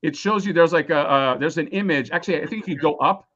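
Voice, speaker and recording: A man's voice: fairly high pitch, quick pace, fairly bright tone, muffled recording, slight background noise. A man losing his voice, rambling casually and swearing a lot while explaining a toy on a live stream. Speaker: toy designer presenting a crowdfunding campaign.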